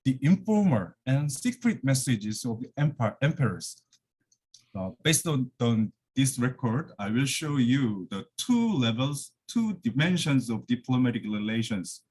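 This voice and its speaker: Man, halting and breathless. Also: mid-range voice, a little mellow, slightly rough. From Korea. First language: Korean. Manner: halting, with many fillers and restarts. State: slightly out of breath. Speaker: guest lecturer. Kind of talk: academic presentation over video call. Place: his office.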